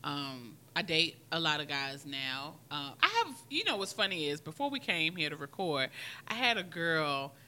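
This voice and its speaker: Lady hosting, lively swoopy voice, slightly low, cusses a lot telling stories. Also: normal speed, a little hiss or hum. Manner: animated, profane storytelling. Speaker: podcast host. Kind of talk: casual chat.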